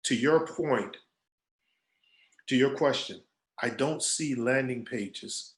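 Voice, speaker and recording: A man answering students' questions in a lively, storytelling way. He often acts out other people's words as he talks. His voice sits at a middle pitch and echoes around the room he is in. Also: takes it slowly, long pauses. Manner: animated storyteller acting out quoted voices. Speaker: guest speaker, agency creative director. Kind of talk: casual storytelling Q&A.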